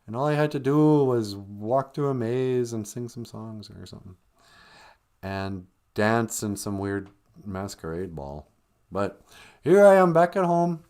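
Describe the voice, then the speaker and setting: A man's voice: on the low side, expressive, unhurried, a little mellow. A man voicing an exasperated teenage girl babysitter in a whiny, sarcastic, rambling way. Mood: gushing.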